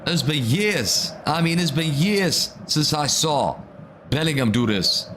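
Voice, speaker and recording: A man doing live football reaction commentary as a watch-along streamer, excitable and ranting, often repeating himself. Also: a little high, slow, slight background noise.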